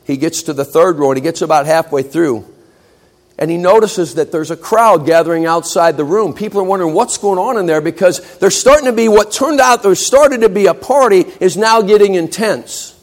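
Male preacher, fairly high voice, dramatic storyteller who voices each character. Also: fairly quick. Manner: acts out characters, swings from loud to hushed. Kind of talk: sermon illustration story.

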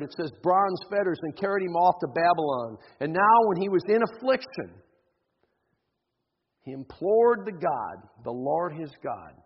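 Impassioned preacher in a reverberant hall. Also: male voice, a little high, husky. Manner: impassioned, acts out biblical figures. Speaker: pastor. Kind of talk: sermon. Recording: dull audio with long hall reverb.

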